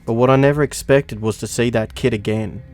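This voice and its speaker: A man's voice: medium pitch, fairly even intonation, fairly quick, a little mellow, smooth, soft background music. A young man narrating a survival game story in a dry, matter-of-fact way. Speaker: gaming channel narrator.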